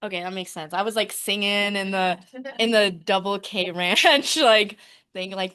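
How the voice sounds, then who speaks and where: A woman shares her recovery story at a meeting, her voice at an ordinary middle pitch. She talks haltingly, with lots of ums and likes. She breaks into laughter often. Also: bright, forceful tone, smooth. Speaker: speaker sharing at a recovery meeting.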